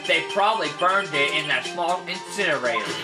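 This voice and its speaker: A woman's voice: low-pitched, animated, brisk, recorded from a distance, voice pushed down. A woman reading the part of an earnest young male defense lawyer, steadily laying out his reasoning. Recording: echoey room with game music.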